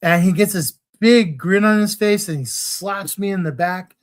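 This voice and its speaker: A man's voice: high voice, normal speed. A man co-hosting a crochet livestream, telling a story in casual chat with many restarts.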